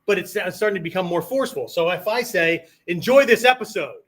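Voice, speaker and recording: A man teaches martial arts in a loose lecture style, and his voice sits a little above the usual male pitch. He keeps asking "right?" and "okay?" as he talks and now and then acts out different tones of voice. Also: fast talker, fairly bright tone. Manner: conversational, peppers sentences with "right?" and "okay?"; demonstrates tones of voice on quoted phrases.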